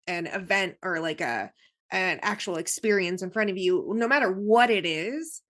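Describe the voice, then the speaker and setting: A woman's voice: lowish voice, lively intonation, normal speed, a bit bright. Woman explaining earnestly at length. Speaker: podcast co-host. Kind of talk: casual chat.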